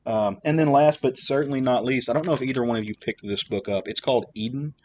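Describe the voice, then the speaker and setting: A man's voice: medium pitch, quick pace, darkish tone, a little hiss or hum. A man hosting a podcast, chatting casually with lots of fillers and restarts. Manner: rambling, many fillers and restarts. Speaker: podcast host. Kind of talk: casual chat.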